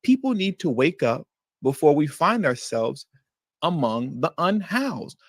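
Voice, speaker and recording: A man hosting a livestream, reacting to news clips with animated, indignant commentary that slips into slang. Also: a little high, measured pace, no echo, clean studio sound. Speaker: livestream host.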